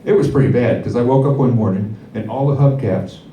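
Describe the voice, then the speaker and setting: Rambling stand-up comic in an echoey club. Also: male voice, mid-range voice, fairly quick, dark tone, a little hiss or hum. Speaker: stand-up comedian. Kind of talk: stand-up set. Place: comedy club stage. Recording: echoey club, heard from far off.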